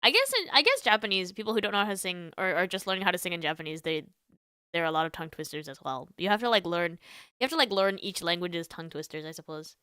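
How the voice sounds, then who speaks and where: A woman streamer chatting casually on a livestream, giggly and animated, full of "like" fillers. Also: on the low side, fast, smooth, no room sound, clean studio sound.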